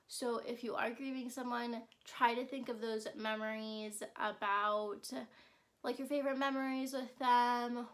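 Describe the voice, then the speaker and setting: This is a young woman hosting her own self-care show, speaking casually and sincerely to her audience. Her voice is bright and sits a little high. She keeps checking in with "right?" and fills her pauses with "um". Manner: chatty and earnest, frequent "right?" and "um". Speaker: self-care podcast host. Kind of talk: casual solo vlog talk.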